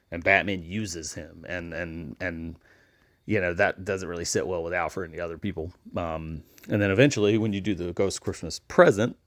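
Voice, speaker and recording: A man hosting a casual solo recommendation segment, talking in a relaxed way with frequent ums and restarts. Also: sits low, no echo, clean studio sound. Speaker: host, comic book retailer.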